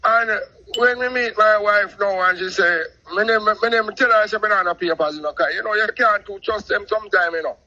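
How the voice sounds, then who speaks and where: A middle-aged Jamaican man telling a long personal story in patois, animated and talkative, calling in to a show. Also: high voice, a little fast, few pauses, highs cut off. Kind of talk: casual storytelling on a call-in show.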